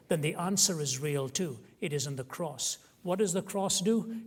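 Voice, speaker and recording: A man's voice: on the high side, big-room sound. A man preaching a sermon, telling stories and rising to emotional emphasis when he quotes others.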